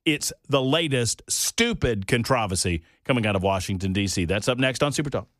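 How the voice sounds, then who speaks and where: A man hosting a talk radio show, folksy and jokey, his voice jumping up in loud disbelief. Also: medium pitch, animated, a little fast, no echo, studio quality. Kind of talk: casual studio banter. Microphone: studio microphone.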